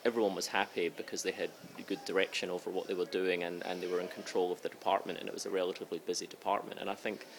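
A man's voice: low voice, level tone, creaky, slight background noise. A man with a light, watered-down Scottish accent, an intensive care doctor talking thoughtfully in an interview. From Scotland. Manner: thoughtful, measured, hedging. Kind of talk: conversational interview.

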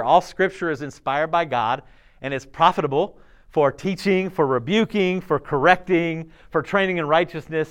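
A man preaching to teenagers in a chatty, animated way, often checking in with "okay?" and acting out quoted voices. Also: a little high. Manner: acts out quoted voices and laughs along. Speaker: youth pastor. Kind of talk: sermon.

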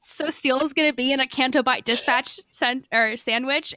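Bright, crisp-voiced chatty young woman. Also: sits high, fairly quick, no echo. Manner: chatty, bubbly storytelling full of fillers. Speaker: podcast co-host. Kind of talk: casual chat.

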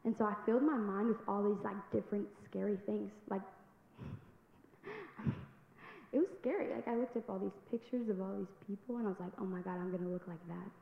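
A young woman giving a personal testimony in church, telling her story earnestly and building to loud exhortation. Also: mid-range voice, steady tone, brisk, vocal fry. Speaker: youth speaker giving testimony. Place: large church sanctuary. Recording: echoey hall, dull sound, faint noise.

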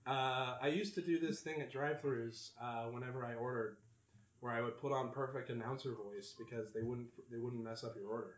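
A man's voice: medium pitch, fairly even intonation, a little fast. A man hosting an improvised comedy podcast, telling rambling stories full of fillers, recorded in a diner. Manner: rambling storytelling with many fillers. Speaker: podcast host. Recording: roomy, dull recording in a diner.

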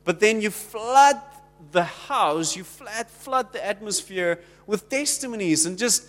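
A man's voice: high voice, animated, measured pace, long reverb tail. A South African man preaching a sermon in a conversational way, acting out the little exchanges he quotes. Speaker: pastor.

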